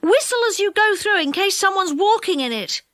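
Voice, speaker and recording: A woman voicing an eager, wistful storybook boy who speaks brightly and wishfully. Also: extremely high pitch, animated, moderate pace, dry recording, studio quality, pitched above the performer's own voice.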